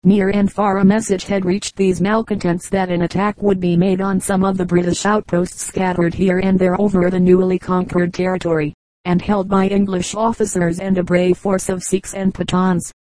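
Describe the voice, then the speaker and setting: A woman's voice: fairly low pitch, moderate pace, no echo, low-quality recording. Woman reading a story aloud evenly. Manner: steady, even reading. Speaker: audiobook reader. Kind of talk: scripted narration.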